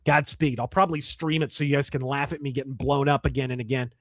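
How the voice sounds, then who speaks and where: A man's voice: mid-range voice, flat delivery, quick pace, dry recording, clean studio sound. A man hosting a livestream, reading chat and articles aloud and answering in a blunt, profane, wry way. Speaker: streamer host.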